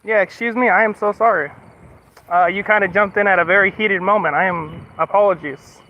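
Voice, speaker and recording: A male American streamer talks fairly quickly in a high voice with a steady tone. Over slightly muffled audio, he swears his way through a rant in casual livestream chat and then says sorry.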